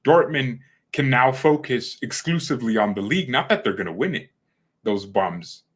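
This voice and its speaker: A man's voice: mid-range voice, lively intonation, normal speed, husky. A man delivers a casual football opinion rant as the host of a fan channel. He is blunt and opinionated, with a trash-talking edge, and he stammers over repeated words when he gets worked up.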